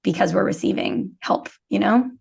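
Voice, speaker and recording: A young woman with a Canadian accent talks earnestly in a casual interview, leaning on fillers and small acted-out quotes. Her voice has a gravelly, creaky edge at a middle pitch. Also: moderate pace, a little mellow. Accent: Canadian English. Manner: earnest, filler-heavy, acts out quoted thoughts. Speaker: podcast guest, business owner.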